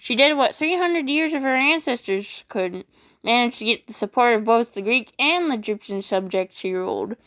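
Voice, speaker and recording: A woman voice actor reading funny internet posts aloud, animated and playful, switching voices often. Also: fairly high pitch, moderate pace. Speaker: YouTube voice actor.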